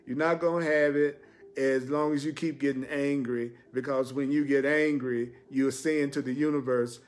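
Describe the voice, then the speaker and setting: A man teaching spiritual ideas on a live stream, emphatic and repetitive, often breaking into laughter. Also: mid-range voice.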